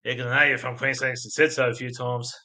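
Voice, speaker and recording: An Australian man streaming live with a bright, forceful voice. He rambles loosely from one thing to the next and keeps breaking into laughter at his own crude humor. His pitch sits right in the middle for a man. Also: little pitch movement, fast. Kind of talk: casual live-stream chat, reading out viewer comments.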